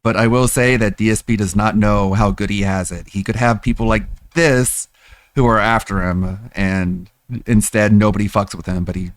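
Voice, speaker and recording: A man hosting a stream, explaining online drama in quick, chatty commentary with sarcastic asides. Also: lowish voice, steady tone, no room sound. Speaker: streamer host.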